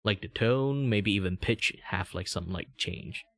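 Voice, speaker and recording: A man in his thirties from Malaysia, with a Malaysian English accent, chatting casually on a livestream and rambling with many fillers. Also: a little slow. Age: 30s. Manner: rambling, many "like" fillers, jumps to a much higher voice when excited. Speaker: VTuber streamer.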